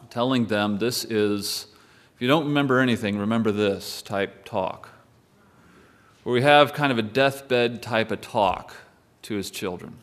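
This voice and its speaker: A male pastor preaching a sermon in a conversational way, with wry asides to the congregation. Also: lowish voice.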